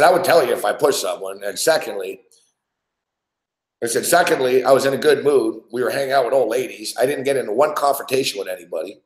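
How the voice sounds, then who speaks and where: A man hosting a podcast, telling a rambling story in casual chat with lots of swearing. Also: medium pitch. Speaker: podcast host. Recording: roomy echo.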